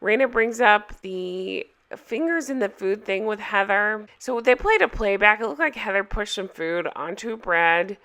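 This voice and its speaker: A woman recapping a reality show in a casual, opinionated way, hoarse from a cold and asking viewers for their thoughts. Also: medium pitch, animated, unhurried, few pauses, fairly bright tone. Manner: chatty, opinionated, asks viewers for comments.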